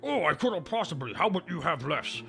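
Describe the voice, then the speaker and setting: A man's voice: a little high, sing-song, brisk, gravelly, a bit bright, faint music behind, heavily acted. A man putting on the voice of a greedy rich boss, with a smug, whiny sneer.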